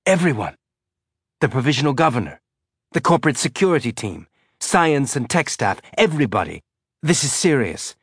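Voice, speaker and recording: A man voicing a nervous, jittery young male messenger who talks in an anxious, hurried way. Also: mid-range voice, very animated, slightly rough, dry recording, studio quality, pitched above the performer's own voice.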